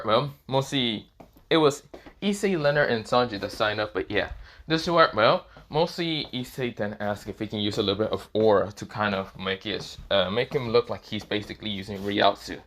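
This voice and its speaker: A man's voice: medium pitch, fairly bright tone. A young man improvising fan-fiction narration, rambling with lots of fillers and swearing. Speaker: storyteller.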